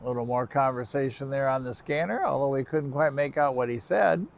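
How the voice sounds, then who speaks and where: A man's voice: mid-range voice, brisk, vocal fry. A tired middle-aged man, chatting casually to viewers of his trackside livestream at night. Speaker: railfan livestream host. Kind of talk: casual live-stream chat to viewers. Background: crickets and insects chirping.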